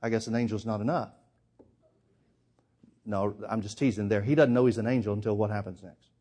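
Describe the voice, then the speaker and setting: A man preaching a sermon, emphatic, firing rhetorical questions and swinging between loud and hushed. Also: on the low side, steady tone, fairly quick.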